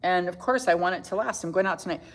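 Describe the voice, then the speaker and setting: A middle-aged woman hosting a casual makeup tutorial livestream, chatty, reading viewer comments aloud and quick to laugh. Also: fairly low pitch.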